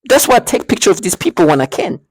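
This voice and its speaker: A man's voice: high-pitched, sing-song, quick pace, slightly rough, dry recording. A man talking emotionally to camera in an agitated monologue, stammering and repeating words as he goes. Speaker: vlogger.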